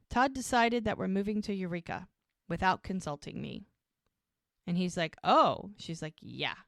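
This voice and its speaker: A podcast co-host with a lowish voice casually recaps a TV episode, retelling each scene and quoting the characters' lines as she goes. The sound is close and dry, with no room sound around it.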